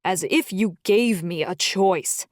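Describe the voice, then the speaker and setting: A woman voicing a booming, playful middle-aged male dragon-shifter uncle who teases and scolds. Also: slow pace, no room sound, clean studio sound. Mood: scolding. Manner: teasing, scolding.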